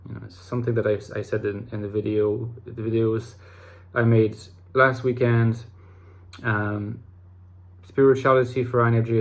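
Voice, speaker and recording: A man's voice: lowish voice, darkish tone. A man hosting an online channel, talking casually to camera in a reflective, rambling way, restarting phrases and using fillers. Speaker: YouTube host talking about personality types.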